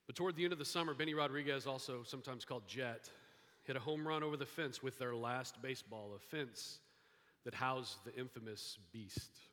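A man preaching a sermon as pastor, telling a story and moving between hushed and lively emphasis. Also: mid-range voice, brisk. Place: church sanctuary. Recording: hall reverb.

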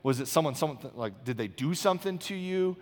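A high-pitched male pastor in his thirties preaches a sermon in a chatty, storytelling way, stopping often to check in with the crowd. His voice carries a long reverb, as if it fills a big church hall. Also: lively intonation, fairly quick. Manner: conversational, storytelling, frequent "okay?" check-ins.

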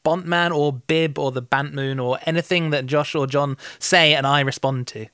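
A man's voice: a little high, steady tone, moderate pace, fairly bright tone, clear, resonant tone. A man co-hosting a comedy podcast, joking around in a goofy way. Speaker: podcast co-host. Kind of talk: casual comedy chat.

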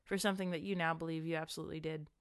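A woman's voice: low-pitched, fairly even intonation, very fast, clean tone. A woman casually narrating an improvised hypothetical scenario to a friend, quoting the characters in it. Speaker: host posing a hypothetical.

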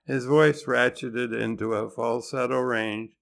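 A man's voice: mid-range voice, fairly even intonation, measured pace, gravelly, a bit bright. A man hosting a podcast, narrating in a conversational way with dry, wry humor. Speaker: podcast host.

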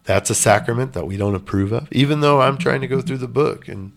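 A man's voice: mid-range voice, a little fast, gravelly. A man telling a personal story in a casual interview, blunt and emphatic with some swearing. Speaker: podcast guest.

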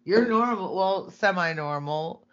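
A man's voice: high-pitched, animated, unhurried, a bit bright. A young adult man, co-hosting a podcast in casual, crude chat and laughing often. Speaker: podcast co-host. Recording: dull lo-fi sound.

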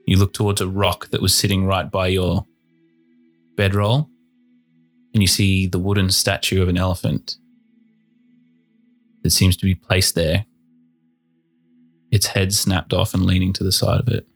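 A man narrating a tabletop game as game master, setting scenes in a steady, descriptive way. His voice is very deep and flat. Soft music plays in the background. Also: measured pace, vocal fry, long pauses.

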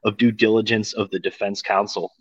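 A man speaking in a measured, plain way in a casual political chat. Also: fairly low pitch, little pitch movement, slightly rough, no room sound. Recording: dull lo-fi sound.

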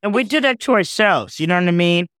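Podcast guest, male, slightly higher register, emotional storyteller, close dry mic. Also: fast, no echo. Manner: heartfelt, animated, says "man" and "okay?" often.

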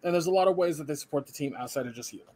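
A young man with a slightly high voice tells a story on a casual chat podcast. He sounds worn out but still animated, and he acts out the people he quotes. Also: very fast, dry recording. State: tired. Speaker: podcast co-host.

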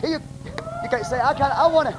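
A man with a Texan accent, preaching a sermon as pastor in a blunt, plain-spoken way, bursting into shouts. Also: very high voice, fast. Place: church sanctuary. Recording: noisy live church recording.

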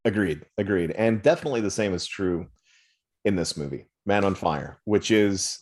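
A man's voice: sits low, normal speed. A man co-hosting a film podcast, talking emphatically and teasing his co-host. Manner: animated, emphatic, playful teasing. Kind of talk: casual film podcast chat.

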